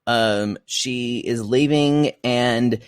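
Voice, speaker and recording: A man's voice: mid-range voice, drawn-out words, clean tone, no room sound, studio quality. A man co-hosting a casual comedy podcast from his apartment, recapping a reality show with bawdy, sarcastic jokes. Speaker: podcast co-host. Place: apartment room at home. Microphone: podcast microphone.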